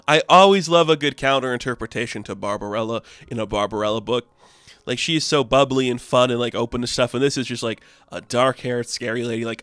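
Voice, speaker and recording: A man's voice: medium pitch, a little fast, a bit bright, clear, resonant tone, no echo. A young man enthusiastically recapping a comic book in casual chat. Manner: enthusiastic, chatty, laughs often.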